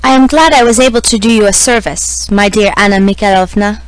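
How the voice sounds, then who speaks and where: A woman voicing an elderly prince who is cold, self-important and speaks with severe, monotonous indifference. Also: medium pitch, a little fast, no room sound, lightly acted, poor audio. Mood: indifferent.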